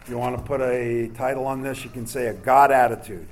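A man's voice: mid-range voice, steady tone, brisk. A man from New York preaching a sermon to a congregation in a conversational way, with many fillers and asides. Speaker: pastor.

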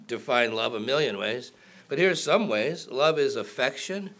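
A man's voice: mid-range voice, fairly bright tone. A man preaching a sermon in a conversational way, asking the congregation questions and cracking jokes. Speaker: pastor.

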